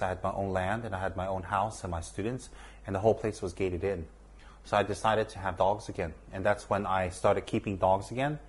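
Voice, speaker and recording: Earnestly and at a measured pace, a man recounts a personal story, repeating words for emphasis. He teaches students at a monastery and speaks with a fairly low pitch.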